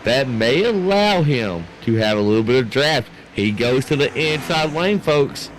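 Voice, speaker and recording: Excitable male race commentator. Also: medium pitch, a little slow, a little hiss or hum. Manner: excitable, rambling, talks to his producer. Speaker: sim racing commentator. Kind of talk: live play-by-play commentary.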